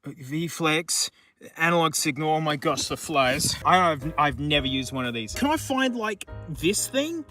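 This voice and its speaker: An Australian man chatting casually outdoors in remote bushland, rambling excitedly and joking with the things he finds. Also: a little high, unhurried, dry recording. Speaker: YouTube host. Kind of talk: casual vlog commentary.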